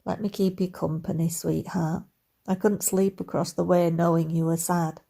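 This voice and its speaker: A woman's voice: fairly low pitch, little pitch movement, moderate pace, gravelly, mellow. A woman voicing a cheeky, flirtatious Scottish man who teases wryly. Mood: teasing.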